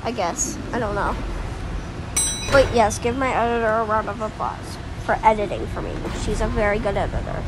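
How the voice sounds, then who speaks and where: A woman giving casual commentary while playing a game, excitable and melodramatic, swinging from mumbling to yelling. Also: medium pitch, moderate pace, background noise. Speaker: gameplay commentator. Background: game music.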